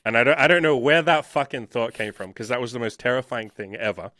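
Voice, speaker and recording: A man's voice: medium pitch, fast, bright, forceful tone, no echo. A man, telling his life story as an interview guest in a blunt, emphatic way, swearing often. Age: 30s. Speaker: interview guest, dating coach. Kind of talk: candid personal storytelling.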